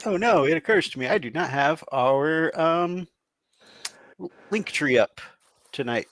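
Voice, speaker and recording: A man co-hosting a relaxed live chat, cheerful and easy-laughing. His voice sits a little high, and the sound is dry and close with no room around it. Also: a little slow, no room sound. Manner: upbeat, laughs often. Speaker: co-host of a hobby livestream.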